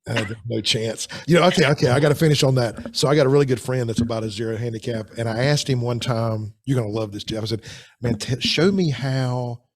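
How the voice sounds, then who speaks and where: A man hosting a casual podcast chat, talking in a chatty, animated way with frequent restarts. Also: mid-range voice, fast, few pauses. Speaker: podcast host.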